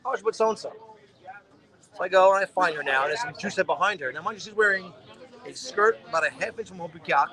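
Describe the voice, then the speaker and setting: A crowd can be heard behind a high-pitched, fast-talking man who co-hosts a podcast. He relays a long story with profanity and animation, casually acting out what people said.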